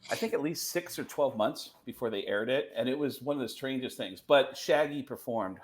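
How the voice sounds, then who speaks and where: Man telling animated stories on a video call. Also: mid-range voice. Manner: animated, quick vocal impressions in anecdotes. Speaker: comedian guest. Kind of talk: casual storytelling chat.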